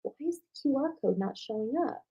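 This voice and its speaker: A chatty woman runs a live online workshop on a computer mic. Her pitch swings widely as she talks straight to her viewers. She drops to low mutters under her breath whenever her slides act up. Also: lively intonation, a little fast, dark tone, dull audio. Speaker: online marketing coach hosting a live workshop. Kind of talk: live-streamed workshop talk.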